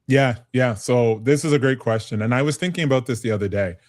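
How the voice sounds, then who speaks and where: Middle-aged man from Canada, business advisor guest, mid-pitched voice, animated and self-mocking, chatty interview delivery. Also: fast talker, no room sound, clean studio sound. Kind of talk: conversational interview.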